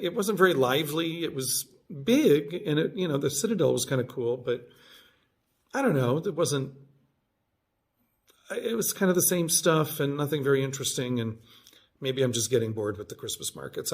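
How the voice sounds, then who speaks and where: Rambling man in his fifties. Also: mid-range voice. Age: 50s. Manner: rambling, self-correcting, animated when quoting himself. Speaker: vlogger. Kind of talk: casual storytelling vlog.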